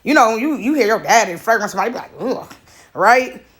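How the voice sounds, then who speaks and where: High-voiced animated woman storyteller. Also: a little fast, slightly rough. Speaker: preacher storyteller. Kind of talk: casual spiritual testimony.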